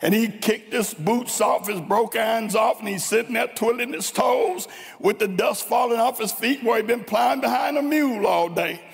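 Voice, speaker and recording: A man from Tennessee with a Southern accent, preaching a fervent sermon with drawn-out, dramatic emphasis in a large church. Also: very high voice, vocal fry, soft background music. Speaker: guest preacher. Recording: long reverb in a large church.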